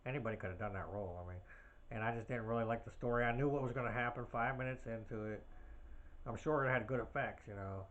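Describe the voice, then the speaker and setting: A man's voice: mid-range voice, quick pace, fairly bright tone, lo-fi sound. A man hosting his own podcast in a casual, rambling way, full of fillers and side tangents. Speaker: podcast host. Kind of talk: casual solo podcast chat.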